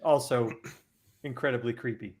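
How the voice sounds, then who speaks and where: A man's voice: medium pitch, steady tone, normal speed. A man in a casual fan discussion, explaining story details at length. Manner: detailed, explanatory lore talk. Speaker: podcast panelist.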